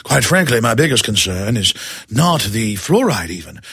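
A man's voice: fairly low pitch, big pitch swings, moderate pace, a bit bright, husky, no room sound, voice pushed down, heavily acted. A man doing a grave British toxicologist. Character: calm British male toxicologist.

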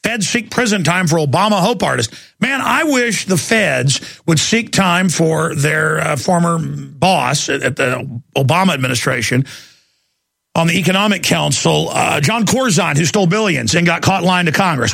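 Male talk radio host, slightly high, gravelly fry, rambling and sarcastic, studio mic. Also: animated, normal speed, fairly bright tone, no echo.

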